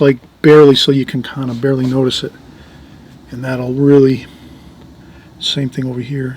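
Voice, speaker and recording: A middle-aged man giving an easygoing oil painting lesson, talking while he works and often trailing off softly. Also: mid-range voice, husky. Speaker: painting instructor. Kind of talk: relaxed painting tutorial.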